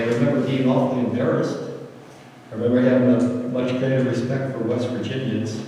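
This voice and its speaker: A man performing a spoken-word sermon as animated, humorous storytelling at a live event. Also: mid-range voice, a little hiss or hum. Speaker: slam performer. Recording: echoey hall from far off.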